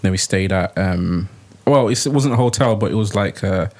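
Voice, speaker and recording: A man's voice: sits low, normal speed, a little mellow. A man in a casual group chat who gets defensive and repeats his point.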